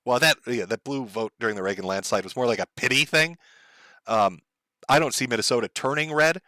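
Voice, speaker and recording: A man's voice: mid-range voice, brisk, bright, forceful tone, no room sound. A man hosting a livestream, ranting in a profane, heated, sarcastic way and reading out viewer messages. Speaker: livestream host.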